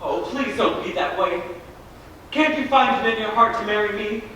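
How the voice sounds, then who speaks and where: A man's voice: high voice, normal speed, bright, forceful tone, slight background noise. A young man playing an earnest, lovesick groom in a school stage musical, pleading and sincere. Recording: echoey hall from far off.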